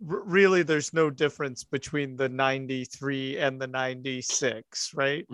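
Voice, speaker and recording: A man running a tabletop game as game master, narrating the scene in a measured, unhurried way. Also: mid-range voice, steady tone, a bit bright, clear, resonant tone, no room sound.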